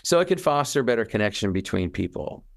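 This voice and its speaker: Speaking quickly in a creaky, fairly low voice, a male podcast co-host reflects casually and earnestly. He is animated, often starts over, and acts out the quotes he mentions.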